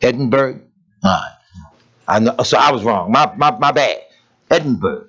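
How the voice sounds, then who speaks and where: Captured on dull lo-fi audio, a preacher speaks at a moderate pace in a medium-pitched, fairly bright voice. His sermon leans on plain, casual wording and forceful, blunt rhetorical questions.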